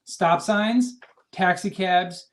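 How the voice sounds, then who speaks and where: A woman's voice: lowish voice, very slow. A woman co-hosting a casual livestream, chatty, reading quiz questions and facts aloud. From Florida, US. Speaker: co-host reading trivia.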